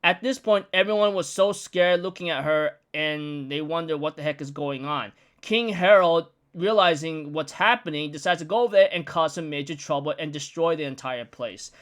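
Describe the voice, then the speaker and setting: A man's voice: fairly high pitch, normal speed, few pauses, a bit bright. A young man giving a casual, rambling recap of a comic chapter, chatty and full of fillers. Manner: chatty, rambling storytelling with frequent "like". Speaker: manga recap vlogger.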